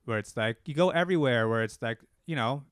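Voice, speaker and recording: A man co-hosting a podcast, arguing his point in an animated, opinionated way and swearing casually. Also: medium pitch, quick pace, no room sound, clean studio sound. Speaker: podcast co-host. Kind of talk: casual chat.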